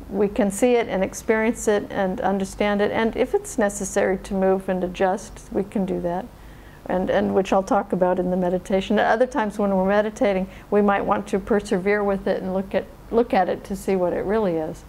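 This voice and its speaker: A woman gives a dharma talk at a meditation center, her voice sitting at an ordinary middle pitch. She explains in a calm, unhurried manner, with a faint hiss underneath the recording. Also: creaky, rough recording. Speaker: meditation teacher.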